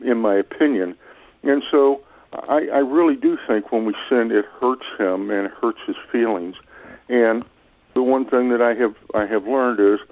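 A man's voice: mid-range voice, no echo. Man from Missouri on a tinny phone line. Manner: sincere, measured, questioning. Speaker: caller. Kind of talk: call-in radio.

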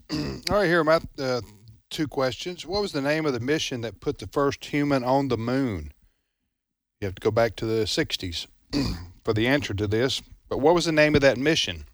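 A man's voice: mid-range voice, moderate pace, no echo, studio quality. A man co-hosting a radio trivia show, teasing callers and posing questions. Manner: animated, teasing. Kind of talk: casual radio chat.

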